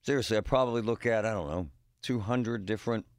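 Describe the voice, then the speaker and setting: A man's voice: fairly low pitch, fast talker, a little mellow, dry recording, studio quality. A middle-aged man hosting a radio show, rambling and joking in a casual monologue with punchy exclamations.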